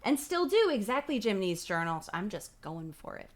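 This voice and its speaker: A woman's voice: medium pitch, sing-song, normal speed. A woman hosting a livestream, reading a children's horror book aloud with playful, giggly commentary and casual swearing, on a streaming mic at home. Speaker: livestream host. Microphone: streaming microphone.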